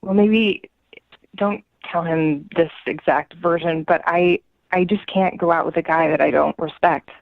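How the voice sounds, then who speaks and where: A woman on a phone call to a radio show, telling her story with lively disbelief. Her voice comes through a dry, muffled line with the top end cut off. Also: lowish voice, measured pace, vocal fry, no echo. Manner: animated, incredulous storytelling. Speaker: caller.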